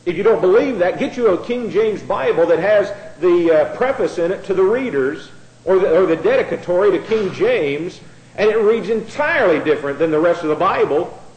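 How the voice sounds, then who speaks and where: A man's voice: high voice, lively intonation, moderate pace, darkish tone. A man preaching a Bible-teaching sermon in a conversational way, often repeating words as he starts a phrase. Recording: echoey room.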